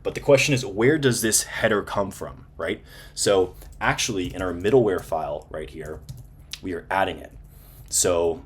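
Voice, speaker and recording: A deep-voiced man hosts a programming tutorial, casually talking through on-screen code in a screen-share walkthrough with slight background noise. He uses fillers and keeps checking in with "right?".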